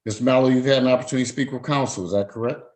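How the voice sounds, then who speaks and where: Presiding as judge over a court hearing held by video call, a man formally reads out charges, fines and rights. He speaks rapid-fire at medium pitch, slightly mellow, and the recording is rough.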